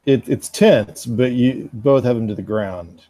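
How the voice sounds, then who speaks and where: A man narrating a tabletop game as game master, describing scenes in a halting way with fillers. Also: medium pitch, dark tone, no echo.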